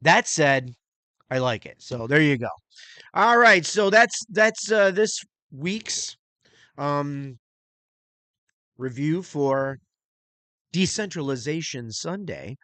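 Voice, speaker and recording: A man's voice: a little high, lively intonation, slow pace, long pauses, pushed and bright, dry recording. A middle-aged man hosting his own channel, talking in a rambling, crude, casual way about music and his plans. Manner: rambling and crude, imitates beats with mouth sounds. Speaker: channel host reviewing music and movies. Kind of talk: casual solo vlog talk.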